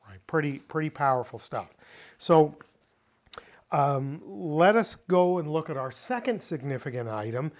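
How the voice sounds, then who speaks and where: A middle-aged man teaching a Bible word-study lesson, explaining deliberately and repeating key points for emphasis. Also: a little high, lively intonation. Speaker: Greek teacher.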